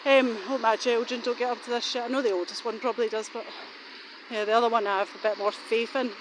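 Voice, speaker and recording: Woman, middle-aged, high voice, rambling and suspicious, filmed while out walking. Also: steady tone, quick pace, noisy background. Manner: rambling, suspicious, swears casually. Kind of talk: rambling walking vlog monologue. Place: outdoors, walking.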